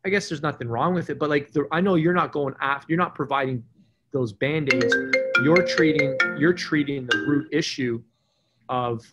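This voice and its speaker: A man's voice: fairly high pitch, normal speed, over music. Man asking long, rambling podcast questions. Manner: rambling, hesitant questions full of fillers. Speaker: podcast host.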